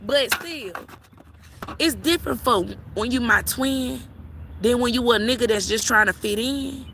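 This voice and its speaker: A woman's voice: a little high, unhurried, slight background noise. A woman tarot reader, talking bluntly and profanely in a casual vlog rant, recorded outdoors in a cemetery. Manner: blunt, profane, animated storytelling.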